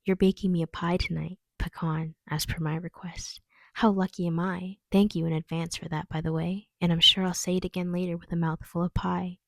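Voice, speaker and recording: A woman reading aloud as a terminally ill lover writing a tender farewell letter, in a gentle, wistful, earnest way. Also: fairly low pitch, little pitch movement, brisk, gravelly, no room sound. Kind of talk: reading her own fiction aloud.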